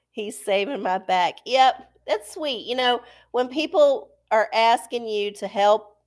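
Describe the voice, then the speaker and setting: A woman's voice: mid-range voice, darkish tone. A woman hosting a live stream, chatting casually and profanely with her viewers and laughing often. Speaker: livestream host. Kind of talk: casual live-chat talk.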